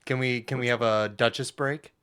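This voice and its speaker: A man's voice: mid-range voice, fairly even intonation, fairly bright tone, clean tone. A man co-hosting a podcast, joking and chatting in an easygoing way. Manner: easygoing, joking, quick to agree. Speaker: podcast co-host. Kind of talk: casual chat.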